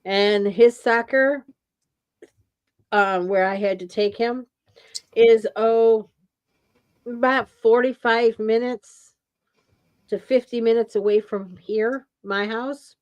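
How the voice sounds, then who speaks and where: A woman's voice: a little high, steady tone, slow, pauses often, muffled recording. A woman co-hosting a casual chat show, chatty and recounting her errands step by step. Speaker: co-host of a live chat show.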